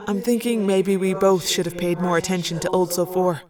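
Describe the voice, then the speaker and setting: A woman's voice: fairly low pitch, fairly even intonation, moderate pace, far from the mic, music in the background, close to an everyday voice. A woman voicing a brash, eager young male alien soldier in a fan-made audiobook reading. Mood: wry.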